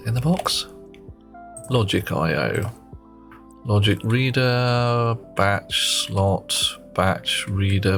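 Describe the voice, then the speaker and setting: A man with a fairly low voice chats on a live game stream. He teases his viewers in a playful, cheeky way, then drifts into muttering to himself about what he needs next. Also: slow pace, gravelly, a bit bright, faint music behind. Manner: playful, teasing banter with viewers; talks to himself while working. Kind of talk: casual live-stream chat while playing.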